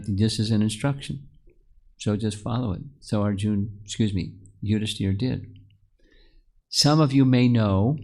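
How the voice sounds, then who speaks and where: Male spiritual teacher, lowish voice, narrates scripture stories to a group and asks them questions. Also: a little mellow. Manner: storytelling, asks the audience questions; restarts and repeats words often. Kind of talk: scripture class to a live group.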